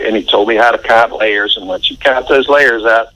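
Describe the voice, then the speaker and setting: A man's voice: on the low side, moderate pace, few pauses, poor audio. Folksy older American man telling fishing stories. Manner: folksy, relaxed storyteller with frequent fillers. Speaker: interview guest. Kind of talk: storytelling in a casual interview.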